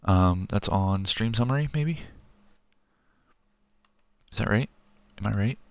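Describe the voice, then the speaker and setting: A man's voice: on the low side, lively intonation, slow, smooth, no echo. A man in his thirties from Missouri, streaming a video game at home at night and chatting loosely with his viewers, rambling and correcting himself as he goes. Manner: rambling, chatty, answers chat messages aloud, self-correcting. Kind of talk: casual live-stream chat while gaming. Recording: game music and gunfire under voice.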